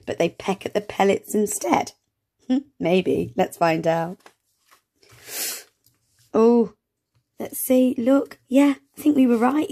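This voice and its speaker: A woman reading an early reader aloud to young children, gently sounding out words and asking encouraging questions. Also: mid-range voice. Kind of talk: children's read-along lesson.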